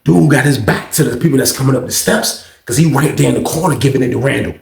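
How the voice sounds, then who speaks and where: Animated man telling a story in an echoey room. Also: medium pitch, fast, gravelly. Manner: animated, acts out quotes and punch sounds. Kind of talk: casual prison storytelling.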